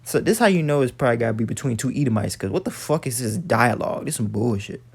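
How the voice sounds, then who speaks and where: A man's voice: medium pitch, lively intonation, fast, vocal fry, husky. A man giving a blunt, profane casual rant as an online commentator, stumbling and repeating words, citing scripture. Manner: blunt, emphatic, swears often, repeats words; preachy, cites scripture. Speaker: online commentator reading news.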